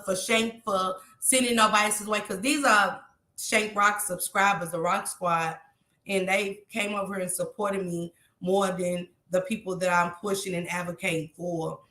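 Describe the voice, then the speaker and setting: A woman's voice: mid-range voice, pushed and bright, echoey room. A tearful woman, talking heartfelt and repetitive to her viewers on a live stream.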